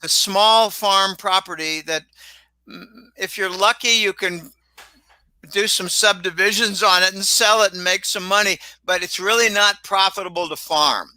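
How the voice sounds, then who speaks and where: Older man, high bright voice, dry close sound; casual rambling storyteller. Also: steady tone, moderate pace, no room sound, rough recording. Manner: rambling storyteller, repeats words. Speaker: regular guest commentator. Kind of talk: casual chat on a livestream.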